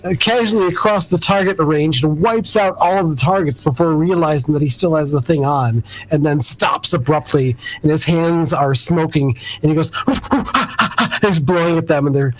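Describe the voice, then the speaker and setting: A man acts as game master of a superhero tabletop game. He narrates in a relaxed, halting way with plenty of fillers, and his voice sits a little high for a man. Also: rough recording.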